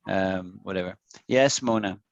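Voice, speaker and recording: A man's voice: low voice, a little slow, creaky, no room sound, highs cut off. A man teaching an online English lesson, patiently explaining with repeated examples.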